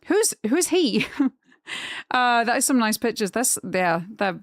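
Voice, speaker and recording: A young woman chatting casually on a live stream, rambling and gushing when excited. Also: fairly high pitch, measured pace, no echo, clean studio sound.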